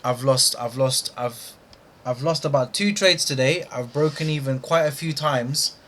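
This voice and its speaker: A man's voice: mid-range voice, measured pace, a bit bright, slight background noise. A young man commenting on his own live trading session, frustrated and scolding himself aloud over a missed trade.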